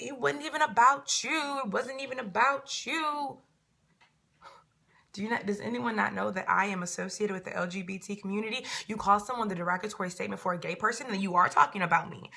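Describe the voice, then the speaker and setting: Woman vlogger talking straight to camera, emphatic and repetitive, with a husky, creaky edge. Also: medium pitch, bright, forceful tone. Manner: emphatic and repetitive, filling gaps with "da da da". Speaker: reality show cast member answering viewers. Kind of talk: casual to-camera vlog.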